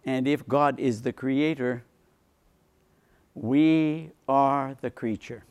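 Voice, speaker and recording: A man, a priest, giving a lecture on faith to a seminar, repeating phrases for emphasis and dropping into quiet low asides. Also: takes it slowly, clean tone, dull audio. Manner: animated, swings between emphatic lines and quiet low asides.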